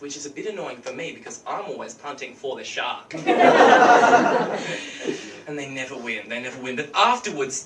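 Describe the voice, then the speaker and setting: An Australian man performing a stand-up comedy set, telling stories in an animated way and slipping into quick character voices. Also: medium pitch, noisy background. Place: comedy venue with a live audience. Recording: roomy, distant mic with loud audience laughter.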